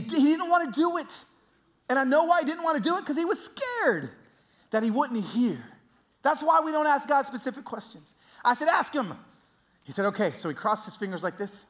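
A middle-aged male preacher tells a story to his congregation in a conversational, self-deprecating way. His voice sits unusually high and swings lively from swooping lows to excited peaks. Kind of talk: storytelling sermon.

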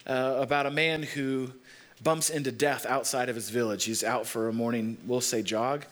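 A man preaching a sermon, telling stories and repeating phrases slowly for emphasis. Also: medium pitch, steady tone, fairly bright tone. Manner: storytelling preacher, leans on repetition and slows down for emphasis. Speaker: pastor.

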